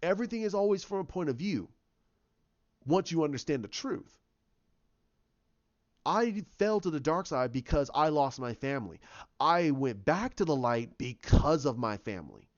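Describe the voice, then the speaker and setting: Brief: remorseful Jedi ghost, earnest confession, slightly high male voice, a man doing it himself, dull lo-fi sound. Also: expressive, normal speed, long pauses, natural voice.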